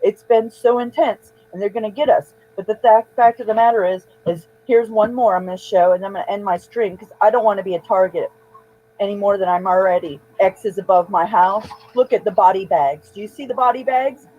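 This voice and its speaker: A woman's voice: mid-range voice, a little fast, mellow. A woman hosting an emotional live-stream monologue, upset and agitated, rambling and repeating herself. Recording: dull lo-fi stream audio.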